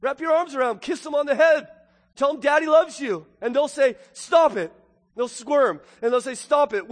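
Guy preaching a sermon, kinda high voice, goes loud then real quiet, big echoey hall. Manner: dynamic preaching, swinging from booming to hushed. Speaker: pastor.

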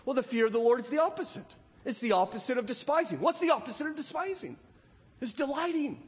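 A man preaching a sermon, animated, asking his listeners many questions along the way. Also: extremely high pitch, quick pace, big-room sound. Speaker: pastor.

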